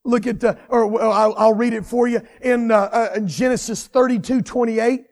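A man preaching a sermon with fervent, repetitive cadences that swell into shouts. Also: very high voice, steady tone, normal speed, in a large hall.

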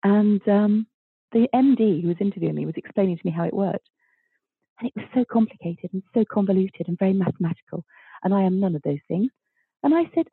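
A woman of fifty, a guest author telling her story in an interview, bubbly and animated, acting out the voices of people she quotes. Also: medium pitch, a little fast, breathy edge, no room sound. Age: 50s. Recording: thin phone-like line, dry.

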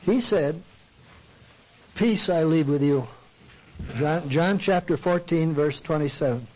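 An older man delivers a sermon in a conversational way, with a fairly high-pitched voice. He keeps asking rhetorical questions and voices his listeners' complaints back at them. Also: slow, a little mellow, low-quality recording. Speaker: Christian speaker and counselor. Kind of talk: sermon talk.

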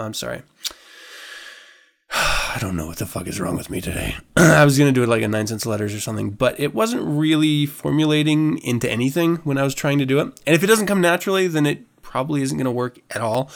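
A man's voice: medium pitch, gravelly. A man hosting a podcast in a casual chat, laughing often, swearing freely and rambling through restarts. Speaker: podcast host.

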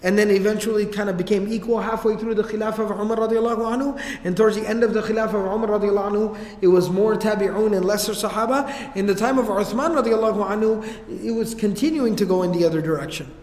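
A man lectures on religious history in an easygoing, joking manner, dropping slang into his storytelling. His voice sits high. The recording carries the roomy, long reverb of a large hall. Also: fast, few pauses, a little mellow.

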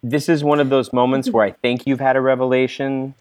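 A man's voice: medium pitch, flat delivery, fairly quick, darkish tone, dry recording. A man as a guest player in a tabletop role-playing game, teasing the others with dry humor. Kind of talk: casual tabletop role-play banter.

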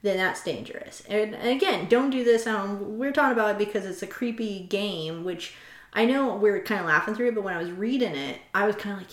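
A woman's voice: medium pitch, brisk. A woman co-hosting a podcast in casual chat, telling stories with quoted asides. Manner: chatty, storytelling with laughs and quoted asides. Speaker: podcast co-host. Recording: roomy echo.

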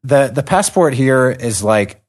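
A man's voice: mid-range voice, animated, a little slow, no echo. A man with an American Southern accent who hosts a podcast and explains things with enthusiasm in a casual chat. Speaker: podcast host.

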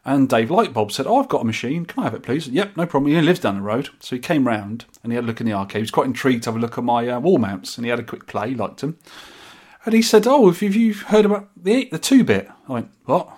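A man's voice: mid-range voice, lively intonation, quick pace, few pauses, a little mellow, breathy edge. A man co-hosting a podcast, chatting enthusiastically and casually, often restarting his sentences. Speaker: podcast co-host. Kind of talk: casual chat.

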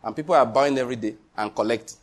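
A man's voice: medium pitch, rapid-fire. A man preaching a sermon as pastor, emphatic, full of repetition and rhetorical questions.

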